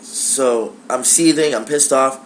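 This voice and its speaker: Young male vlogger, casual and profane, animated storytelling, mid pitch. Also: slow pace, a little hiss or hum. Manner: animated, profane, acts out dialogue. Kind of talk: casual personal storytelling to camera.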